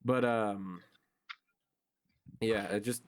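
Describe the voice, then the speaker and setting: A man's voice: lowish voice, fairly even intonation, very slow, slight background noise. A young man hosting a casual gameplay chat, telling a story in a profane, ranting way. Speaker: gaming channel host. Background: game music.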